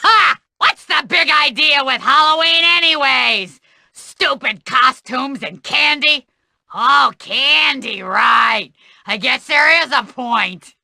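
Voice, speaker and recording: A grouchy gravelly old school cook. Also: female voice, high-pitched, slow pace, no echo, heavily acted. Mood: grumbling. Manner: coarse, grouchy, yelling at kids. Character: grumpy, crude older woman school cook.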